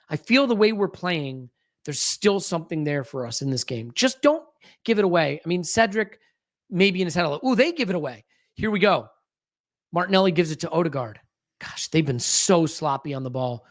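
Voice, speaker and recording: Watch-along podcast host, live match commentary, anxious fan energy, mid-pitched, desk mic. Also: lively intonation, moderate pace. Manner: anxious, restless fan commentary with frequent restarts. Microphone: fiddles with a desk microphone.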